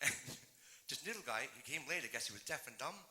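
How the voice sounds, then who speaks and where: A man performing stand-up comedy on a live stage, telling quick jokes and laughing at his own punchlines. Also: medium pitch, animated, bright, forceful tone.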